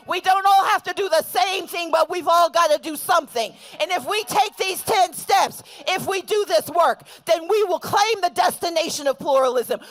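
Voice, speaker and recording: A woman delivering a rousing outdoor rally speech, leading the crowd in call-and-response chants. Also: very high-pitched. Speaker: rally speaker.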